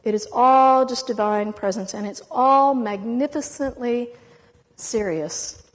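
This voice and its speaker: Woman, high voice, giving an impassioned spiritual talk; emotional and dramatic with long pauses; lecture-hall reverb. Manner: intense, dramatic, with long pauses between words. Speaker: spiritual speaker.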